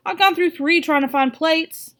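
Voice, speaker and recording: A woman's voice: extremely high pitch, normal speed, fairly bright tone, pitched above the performer's own voice. A woman reading aloud, voicing a teasing teenage older brother.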